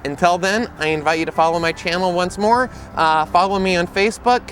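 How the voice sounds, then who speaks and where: An autism speaker and educator talks to the camera outdoors, telling stories with humor and energy. His voice is high and his pace fairly quick.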